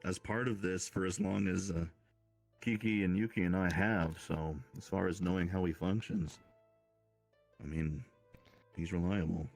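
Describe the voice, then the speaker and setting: A man speaking in character in a tabletop game, explaining his reasoning at length in a measured, deliberate way. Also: deep voice, fairly even intonation, vocal fry, faint music behind. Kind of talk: in-character tabletop role-play.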